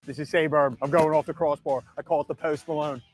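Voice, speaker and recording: Brash trash-talking Delco sports fan, male comedian, Delaware County accent, high voice, comedy promo. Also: flat delivery, quick pace, close to an everyday voice. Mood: taunting, hyped. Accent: Delaware County, Pennsylvania. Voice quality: loud, hyped, mocking.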